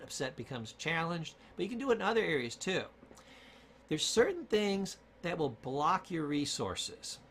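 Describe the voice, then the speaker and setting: A man's voice: a little high, a bit bright, slight background noise. A man giving an emphatic motivational lesson on self-talk and word choice, repeating key points for stress. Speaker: communication coach.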